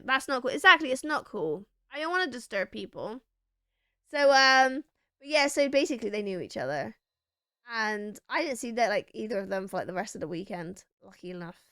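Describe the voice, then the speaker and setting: A woman's voice: fairly high pitch, no room sound, clean studio sound. A young woman streamer telling a rambling story to her chat, acting out what people said. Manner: animated, acts out quoted lines, rambling restarts.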